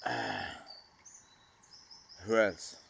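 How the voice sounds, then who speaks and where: Slow, gravelly man speaking haltingly. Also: a bass voice, sing-song, a bit bright, slight background noise. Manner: halting, trailing off, addressing a lost brother. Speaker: vlogger. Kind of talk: emotional monologue to camera.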